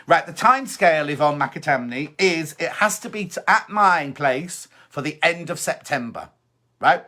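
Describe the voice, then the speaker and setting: This sewing show host broadcasts live from home, upbeat and talkative, saying things more than once and reading viewers' comments out loud. His fairly high voice is expressive, pushed and bright, and he takes his time.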